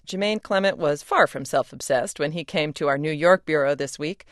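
Radio host, mid pitch, wry crisp delivery, dry booth sound. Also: moderate pace, no echo. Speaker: radio interviewer. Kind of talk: radio interview and scripted narration.

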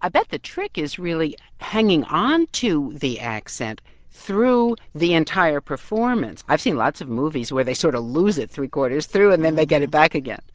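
A woman's voice: sits low, very animated, moderate pace, no room sound, highs cut off. A woman radio correspondent interviewing a guest with curious, conversational questions.

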